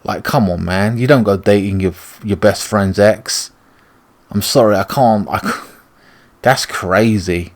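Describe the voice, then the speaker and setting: A man's voice: lowish voice, measured pace. Ranting British man gaming. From Britain. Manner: ranting, profane. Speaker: gaming YouTuber. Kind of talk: let's play commentary.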